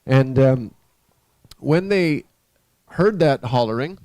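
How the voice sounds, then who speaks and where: Mellow-voiced man telling a story. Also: medium pitch, expressive, no echo, low-quality recording. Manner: unhurried, conversational, asks listeners questions. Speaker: live stream host. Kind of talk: spoken storytelling with a spiritual message.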